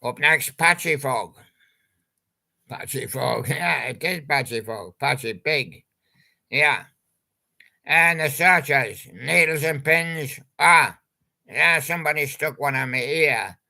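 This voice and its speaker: A man's voice: fairly high pitch, slow, gravelly, sharp tone. An older man, rambling chattily about old pop songs and making jokey wordplay. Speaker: channel host.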